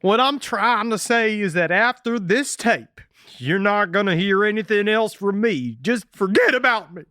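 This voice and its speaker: Man putting on a high, bright, whiny loser crook, pleading and sing-song, dry sound. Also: normal speed, no echo. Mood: tearful. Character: pathetic, self-pitying drifter criminal man.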